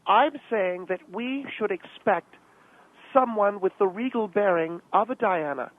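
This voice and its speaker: Guy playing a gossipy rich lady on the radio, squeaky high, dry thin phone sound, says darling a lot. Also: a little slow, no echo. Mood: gushing. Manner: haughty, gushing, calls people darling. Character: pompous gossiping American society lady, middle-aged. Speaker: guest character on radio show. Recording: tinny phone line.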